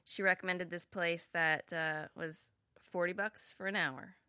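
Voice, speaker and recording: A woman's voice: lowish voice, fairly even intonation, unhurried, bright, forceful tone, clean tone, no echo, clean studio sound. A woman guest telling a rambling story in casual chat, hesitant and often laughing. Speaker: podcast guest.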